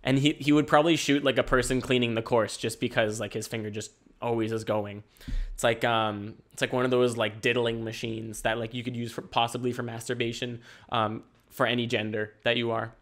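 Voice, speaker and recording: A man's voice: mid-range voice, level tone, brisk, fairly bright tone. Laid-back rambling male podcaster. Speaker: podcast host. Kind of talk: casual solo podcast monologue.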